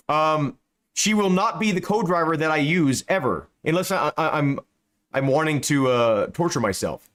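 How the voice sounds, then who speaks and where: A man talks over his gameplay in a loose, rambling way. His voice sits a little high, and he stumbles over his words, repeating them often. He swears casually as he chats to his viewers. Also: a bit bright. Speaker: gaming YouTuber.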